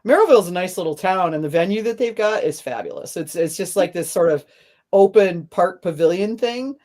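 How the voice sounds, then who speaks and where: A woman's voice: fairly low pitch, animated, a little fast, a little mellow. A woman hosting a casual podcast chat, rambling and laughing often as she tells stories. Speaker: podcast host.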